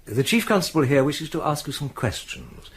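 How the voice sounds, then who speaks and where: An actor playing a measured, quietly authoritative man in a radio drama, who speaks with careful, slightly hesitant calm. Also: fairly high pitch, breathy edge. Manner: measured, hesitant, gently mediating.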